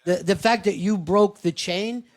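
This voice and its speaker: A man's voice: sits high, measured pace. Earnest, reflective male podcast host. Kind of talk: candid podcast conversation.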